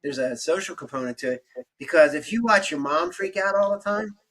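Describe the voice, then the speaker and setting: A man's voice: sits high, brisk, low-quality recording. A man on a podcast explaining stress coping tools and acting out both sides of conversations as he tells stories. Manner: animated storytelling, acts out both sides of conversations. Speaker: podcast guest doctor.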